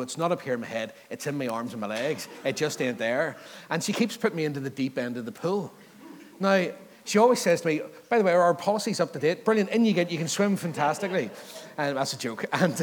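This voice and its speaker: A man, preaching a casual sermon, joking and asking the congregation questions. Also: medium pitch. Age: 30s. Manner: chatty, joking, asks the crowd questions. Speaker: pastor. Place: church hall. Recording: long hall reverb.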